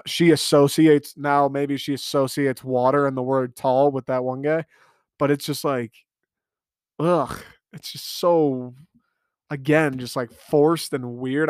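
A man's voice: mid-range voice, clean tone, no echo, clean studio sound. A man hosting a casual solo podcast, ranting in a profane, exasperated way from his family room at home. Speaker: podcast host.

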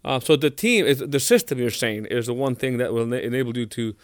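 A man's voice: medium pitch, animated, brisk, no echo. Man interviewing, dry close sound. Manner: thoughtful, hesitant with fillers. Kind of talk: conversational interview.

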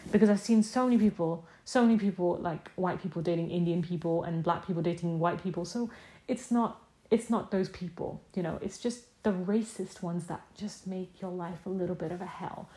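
A woman's voice: lowish voice, brisk, mellow. Impassioned young woman podcasting. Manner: impassioned, emphatic, with repeated rhetorical questions. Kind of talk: casual solo podcast monologue.

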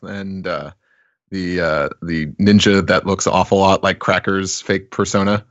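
A man's voice: fairly even intonation, measured pace, no room sound, lo-fi sound. A man hosting a podcast, casually recapping a comic chapter with chuckles and hammed-up voices for quotes. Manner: chuckling, hams up quoted lines in high voices. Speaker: podcast host.

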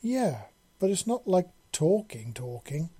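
A man's voice: high-pitched, very animated, slow, warm tone, slightly rough, pitched above the performer's own voice, full character voice. A man voicing a young black-furred feline girl who sounds timid at first and then speaks bluntly. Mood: frank.

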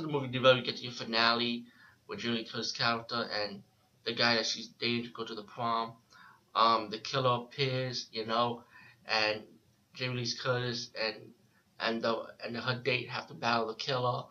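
A man's voice: medium pitch, bright, forceful tone. A man giving a casual, rambling spoken movie review, often restarting his sentences and using filler words. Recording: dull lo-fi recording.

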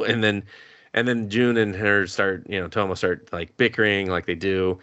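Low-voiced swearing man recapping anime. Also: fairly quick, pushed and bright, dry recording. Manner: swears a lot, laughs while retelling scenes. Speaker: podcast host.

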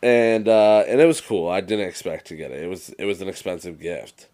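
A young man co-hosting a podcast in casual chat, an animated storyteller who swears freely and acts out movie quotes. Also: low-pitched, brisk. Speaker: podcast co-host.

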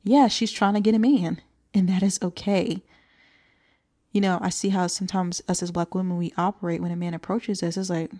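A young adult woman hosts a solo podcast for single moms, speaking earnestly as she coaches her listeners. Her voice is fairly low, steady, mellow and fairly quick, and now and then she drops to a whisper for emphasis.

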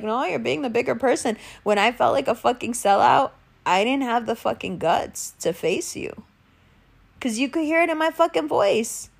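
A woman's voice: high voice, creaky. A young woman hosting a show, giving a raw, profane, emotional monologue. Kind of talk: candid monologue.

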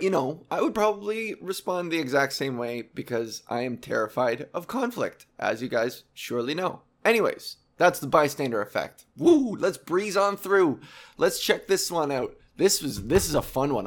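Rambling sarcastic young man, slightly high. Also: big pitch swings, moderate pace. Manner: rambling, sarcastic, profane asides. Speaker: video host. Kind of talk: casual explainer monologue.

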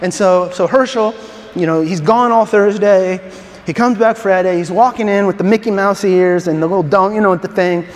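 A man preaching a sermon as a pastor, telling a story in an animated way with stammering restarts. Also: high-pitched, normal speed. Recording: long reverb in a large hall.

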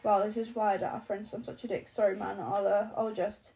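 A woman's voice: mid-range voice, level tone, fairly quick, dull audio, close to an everyday voice. A woman reading an audiobook, voicing an impulsive young man who rambles, apologizes and swears. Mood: flustered.

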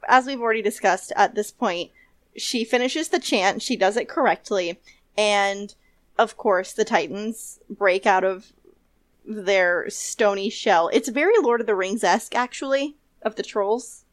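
A young woman co-hosting a podcast, recapping a TV episode in casual chat, animated, laughing often and swearing now and then. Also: mid-range voice, a little slow, no room sound. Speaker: podcast co-host.

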